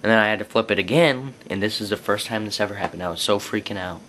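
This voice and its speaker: Low-voiced guy rambling to camera. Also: fast talker, fairly bright tone, a little hiss or hum. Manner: rambling, lots of fillers and restarts. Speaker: vlogger. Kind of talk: casual storytelling to camera.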